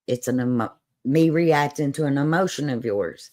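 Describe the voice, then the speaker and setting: Her voice sits extremely low and somewhat dark, moving at a moderate pace. She hosts a livestream with an Appalachian Southern accent from a holler in the southern United States, chatting casually in a folksy, sassy manner and laughing often.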